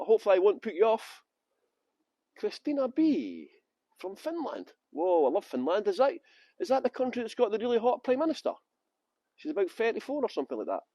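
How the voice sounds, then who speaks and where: A man's voice: sits high, dark tone, dry recording. A man from West Yorkshire working as a tour guide, chatting and joking with viewers by name on a live-streamed walking tour outdoors on city streets. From Halifax, West Yorkshire, England.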